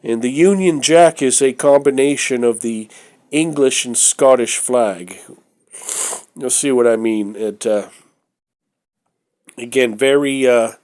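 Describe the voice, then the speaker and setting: A man's voice: mid-range voice, darkish tone. A man from the United States with a stuffy nose from a cold, showing things off in a casual vlog. He talks in a rambling, hesitant, opinionated way with many fillers. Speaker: vlogger. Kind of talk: casual show-and-tell vlog.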